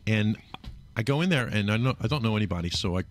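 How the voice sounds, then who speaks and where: Animated storytelling man with lively pitch. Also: quick pace, slight background noise. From Brooklyn, New York. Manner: profane, laughing, acts out voices in quotes. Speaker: podcast co-host telling a story. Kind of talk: casual chat, animated storytelling.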